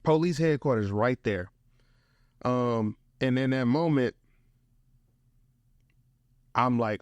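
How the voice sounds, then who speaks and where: Speaking unhurriedly at a medium pitch, a young St. Louis guest who works as a motivational speaker tells a casual, lively story full of slang and "bro." The audio is close and dry, without room echo.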